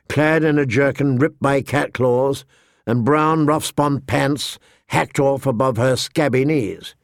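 A man reading a fantasy novel aloud as narrator, steady and shifting pace with the action. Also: mid-range voice, no room sound, studio quality. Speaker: audiobook narrator. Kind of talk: scripted narration.

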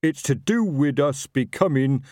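A man voicing a slow-witted, chatty male troll worker with a rambling, working-class manner. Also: a little high, lively intonation, a little mellow, no room sound, clean studio sound, pitched above the performer's own voice.

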